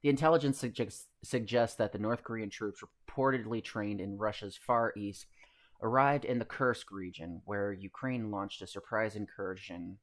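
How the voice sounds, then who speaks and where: Rambling male streamer, lowish voice. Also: normal speed, a bit bright. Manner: rambling, many fillers and restarts; swears casually. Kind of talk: casual live-stream news commentary.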